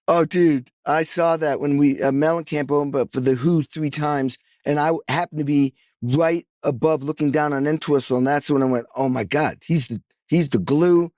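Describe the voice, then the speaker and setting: Enthusiastic podcast host, dry close sound. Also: male voice, a little high, fairly even intonation, moderate pace, few pauses, darkish tone, no room sound. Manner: enthusiastic, rambling questions. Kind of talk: casual interview chat.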